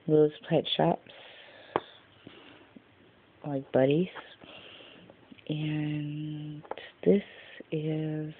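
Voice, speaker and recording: A tired low gravelly woman vlogger. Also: little pitch movement, extremely slow, long pauses. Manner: rambling and chatty, trailing off mid-sentence. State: tired, yawning. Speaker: vlogger showing her craft pieces. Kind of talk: casual show-and-tell vlog. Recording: tinny lo-fi phone-like sound, faint noise.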